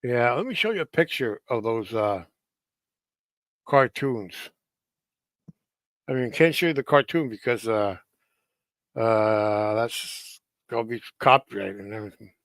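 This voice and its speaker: A man's voice: mid-range voice, a little slow, pauses often, no room sound. A man chatting casually to camera in a rambling, hesitant way with many fillers.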